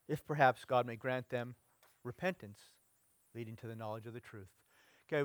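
Middle-aged male preacher, fairly high voice, chatty delivery that fades at phrase ends, dry close recording. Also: no room sound. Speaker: pastor. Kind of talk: sermon.

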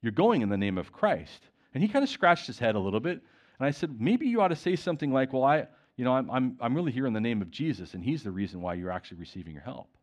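A man delivering a sermon at an everyday middle pitch. His voice rises and falls a great deal as he retells conversations and reads passages aloud. The delivery stays animated and conversational throughout. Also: fast. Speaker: preacher.

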